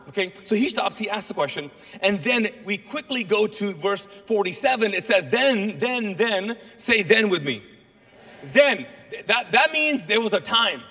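Animated high-voiced preacher in a reverberant hall. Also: male voice. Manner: animated storytelling, acts out voices of biblical figures. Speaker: pastor. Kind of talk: sermon.

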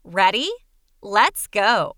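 A woman's voice: mid-range voice, very animated, extremely slow. A woman presenting a scripted intro in an upbeat, inviting way.

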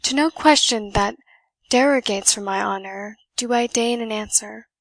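A woman's voice: on the high side, moderate pace, gravelly, dry recording. A woman voicing a proud, defiant young noblewoman. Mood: indignant.

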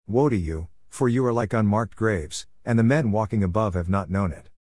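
A man reading the Bible aloud in a measured, phrase-by-phrase way. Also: lowish voice, a little mellow, no echo, clean studio sound. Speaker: scripture reader.

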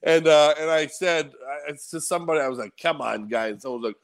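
A man's voice: fairly high pitch, fast talker, clear, resonant tone. A male guest comedian telling a stage story in a laid-back, profane way. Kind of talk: casual chat. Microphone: video call.

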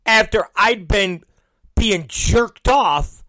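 A man tells a long, swear-filled story with a bright, lively voice that jumps up and down in pitch. He talks slowly and drops into low, mumbled impressions of the people he quotes. The sound is dry and close. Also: no echo. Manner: acts out both sides of conversations, swears constantly; animated, mimics others in low mumbling voices. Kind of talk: profane storytelling rant.

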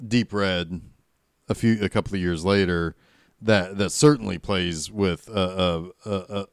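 A man's voice: low voice, steady tone, measured pace, clear, resonant tone, dry recording, studio quality. A man co-hosting a casual film podcast. He talks hesitantly, with many fillers and repeated words. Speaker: podcast co-host. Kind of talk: casual horror film discussion.

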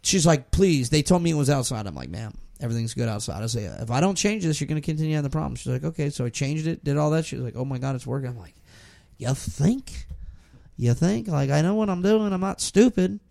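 A gravelly, somewhat high-pitched man on a casual talk radio show, recounting a service call. He swears casually and reports what was said in a dry way. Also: animated, fast talker, few pauses, a little mellow. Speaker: co-host telling a work story.

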